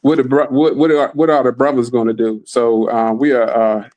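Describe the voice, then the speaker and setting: A man's voice: mid-range voice, level tone, moderate pace, a little mellow, muffled recording. A man hosting a casual podcast chat over a remote call, enthusiastic and repeating his words. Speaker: podcast host.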